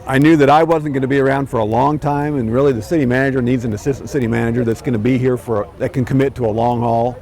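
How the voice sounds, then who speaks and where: A man speaking in a plain, slightly halting interview clip outdoors. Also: medium pitch, fairly even intonation, darkish tone. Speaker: retiring city official.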